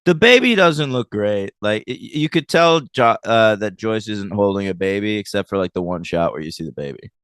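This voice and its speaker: A man with a lowish voice that swings widely in pitch, talking in an animated, teasing way as he recaps an episode with a friend. The sound is dry and close, with no room around it. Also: moderate pace, few pauses, clear, resonant tone, no room sound. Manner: animated, teasing, laughs often. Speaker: podcast co-host. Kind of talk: casual recap chat.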